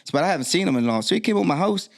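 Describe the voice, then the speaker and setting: A middle-aged man, a guest DJ, telling a personal story in a podcast interview, his voice jumping high when he quotes himself. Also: expressive, rapid-fire, gravelly.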